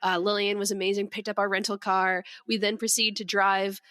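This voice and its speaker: A woman's voice: mid-range voice, a little fast, no echo. Chatty woman podcaster, dry close sound. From Minnesota, USA. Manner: chatty, giggly, animated storytelling. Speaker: podcast co-host. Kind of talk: casual chat.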